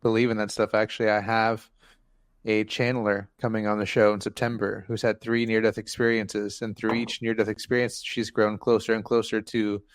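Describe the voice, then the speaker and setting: This is a male podcast host chatting casually with his guest and responding with enthusiasm. His voice is low and fairly even in tone. The sound is dry and close. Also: normal speed, no room sound. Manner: enthusiastic, affirming. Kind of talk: casual interview chat.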